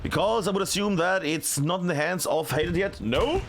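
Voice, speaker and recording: A man casting a competitive video game match live, his voice sitting high and swinging widely as he reacts. He talks in a loose, chatty way, full of fillers, and gets excited when the action heats up. Faint game sounds hum underneath. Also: normal speed, few pauses. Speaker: esports caster.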